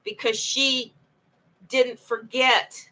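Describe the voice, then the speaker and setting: A woman's voice: a little high, level tone, very slow, pushed and bright, rough recording. A woman talking alone late at night, telling her own story in an impassioned, rambling way and often repeating herself. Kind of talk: late-night monologue to camera.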